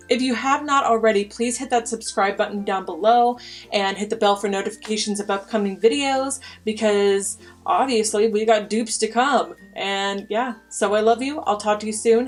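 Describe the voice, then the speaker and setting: A woman's voice: medium pitch, normal speed, soft background music. A young woman vlogger reviewing makeup brushes in a chatty, enthusiastic way, sometimes dropping to a whisper. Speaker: beauty vlogger.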